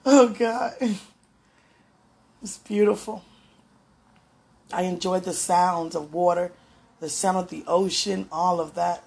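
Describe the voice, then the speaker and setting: Gravelly-voiced woman, fervent and emotional. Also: fairly low pitch, steady tone, slow, long pauses, darkish tone. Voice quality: gravelly, sometimes hoarse. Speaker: spiritual vlogger. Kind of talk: spontaneous prayer and encouragement talk. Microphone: home recording.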